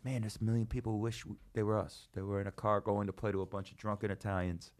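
A man in his thirties, a comedian hosting a podcast, talking in a loose, animated way that swings from loud to soft and swears freely. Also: on the low side, fast talker. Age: 30s. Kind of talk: casual chat.

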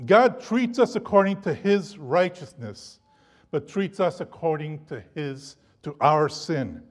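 A man preaching a sermon to a congregation, animated and emphatic, his loudness rising and falling. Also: medium pitch. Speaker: pastor.

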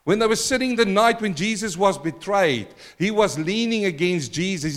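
A man preaching a sermon as pastor, swinging from quiet stretches to loud emphatic swells and calling on the congregation. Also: high-pitched, animated, moderate pace, few pauses. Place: church.

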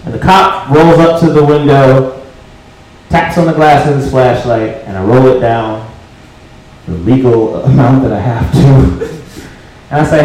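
A man doing a stand-up comedy set on a club stage, swearing freely and breaking into shouts for emphasis. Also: mid-range voice, steady tone, moderate pace, pauses often, background noise. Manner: profane, emphatic, bursts into shouting. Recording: echoey live room.

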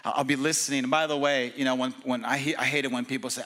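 A male pastor preaching an energetic, casual sermon with slang and humor at a church service. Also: mid-range voice, fast talker, few pauses.

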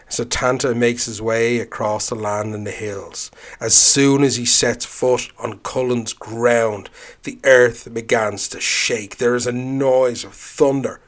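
A man telling an old legend aloud, measured and dramatic, slowing down to stress key moments. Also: fairly low pitch. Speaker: storyteller. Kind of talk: oral storytelling.

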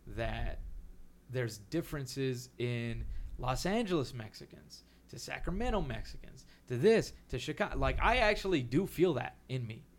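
In a loose podcast chat, a comedian from Texas speaks with a Texan accent at medium pitch. Full of energy and swearing, he keeps dropping into quick voices of other people.

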